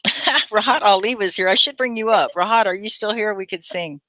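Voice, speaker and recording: A woman from Texas with a Texan accent, hosting a casual live English lesson, chatty and quick to laugh as she sounds words out. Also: mid-range voice, bright, forceful tone, no echo. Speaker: ESL teacher and host.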